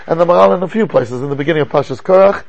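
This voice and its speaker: An older man teaching a class as a rabbi, lecturing in an animated way and asking rhetorical questions. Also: on the high side, very fast, creaky, highs cut off.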